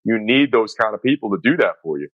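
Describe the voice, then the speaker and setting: A man's voice: fairly low pitch, fast, no room sound, narrow, tinny audio. A middle-aged man from the Northeastern United States, talking candidly as a coach and guest in a casual podcast conversation, with lots of fillers. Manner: candid, animated storytelling with many fillers.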